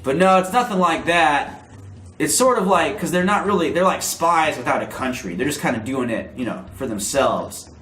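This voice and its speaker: A man's voice: fairly high pitch, lively intonation, moderate pace, a bit bright. A man playing a cocky young crocodile hired hand, talking in a laid-back, slangy drawl, with a roomy echo. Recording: roomy echo, faint noise.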